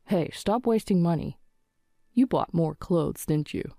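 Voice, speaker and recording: A woman's voice: on the low side, animated, unhurried, creaky, warm tone, dry recording, studio quality. A woman voicing a scornful, curt husband. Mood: contemptuous. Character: cold, dismissive husband who wants a son.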